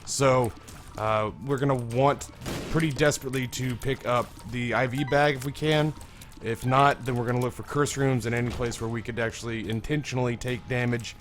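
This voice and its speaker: A hoarse young man hosting a let's play, commentating in a rambling, candid way and swearing freely. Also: mid-range voice, fairly even intonation, moderate pace, slight background noise. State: hoarse, strained voice. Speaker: gaming video host.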